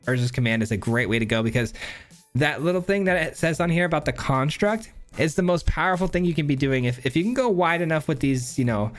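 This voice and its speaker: A man's voice: on the high side, animated, a little fast, faint music behind. A man hosting his own channel, giving a casual, upbeat breakdown of a card game deck, rambling with lots of fillers and restarts. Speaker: channel host.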